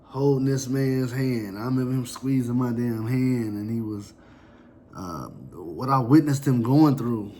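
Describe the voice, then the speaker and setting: A man telling a personal story in a somber, reflective, halting way. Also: medium pitch, warm tone, a little hiss or hum.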